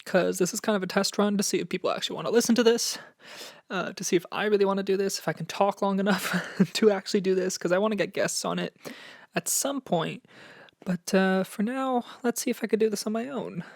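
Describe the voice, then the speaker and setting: A man's voice: sits high, brisk, creaky, no room sound, studio quality. A young man hosting a casual solo music review podcast. He sounds a little nervous and out of breath, chatty, with many fillers and restarts. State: slightly out of breath. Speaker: podcast host.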